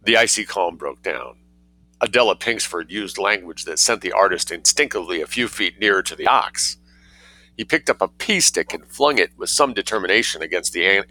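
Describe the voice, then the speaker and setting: A man narrating a story in a measured, wry reading. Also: low-pitched, sharp tone, dry recording, rough recording.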